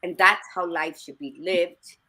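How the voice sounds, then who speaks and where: A woman's voice: lowish voice, steady tone, measured pace, sharp tone. A middle-aged woman co-hosting a podcast, talking bluntly and emphatically with frequent swearing. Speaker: podcast co-host. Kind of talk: casual chat.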